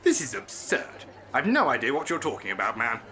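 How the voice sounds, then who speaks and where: An actor playing an eccentric, jolly English gentleman adventurer in a comic radio play, plummy and prone to chuckling. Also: medium pitch, sing-song, brisk. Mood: indignant.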